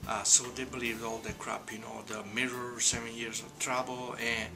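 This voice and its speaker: A man's voice: mid-range voice, gravelly. Guy from naples telling a story, laid back, lots of uhs, music behind. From Naples, Italy. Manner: relaxed, many fillers, drawn-out emphasis. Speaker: vlogger. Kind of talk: casual storytelling.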